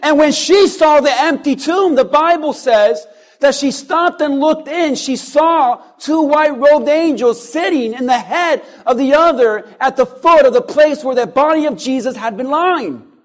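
A male pastor preaching a sermon, firing off strings of rhetorical questions and pausing for effect, moving between hushed and loud lines. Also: very high-pitched.

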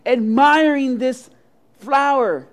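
A preacher giving a sermon and telling a story with dramatic swings from soft to loud. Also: high voice, slow.

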